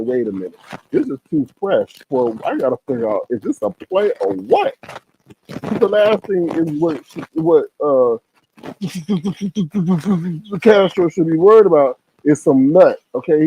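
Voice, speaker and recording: A middle-aged man commentating on a livestream, telling a story with expressive, acted-out quotes. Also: fairly high pitch, muffled recording, a little hiss or hum.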